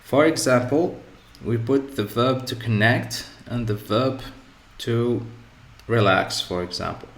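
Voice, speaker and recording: Male teacher, measured slow delivery, mid-pitched, repeats example words, echoey classroom sound. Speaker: English teacher. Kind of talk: grammar lesson. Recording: echoey room.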